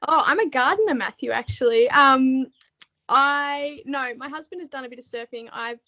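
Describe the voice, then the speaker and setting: A woman's voice: sits high, moderate pace, bright, forceful tone, muffled recording. An Australian woman, a podcast guest, chatting casually with frequent laughs and ums. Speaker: podcast guest, book editor. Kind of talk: casual interview chat.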